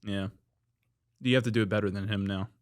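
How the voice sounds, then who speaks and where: A man's voice: on the low side, steady tone, fairly quick. A man co-hosting a podcast in casual chat, easygoing, often laughing, with hedging restarts. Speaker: podcast co-host.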